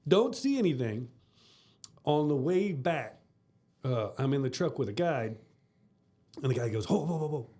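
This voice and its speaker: A man's voice: medium pitch, expressive, unhurried, long pauses, dark tone. A man, co-hosting a casual podcast and telling rambling hunting stories, laughing often. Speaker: podcast co-host. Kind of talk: casual chat.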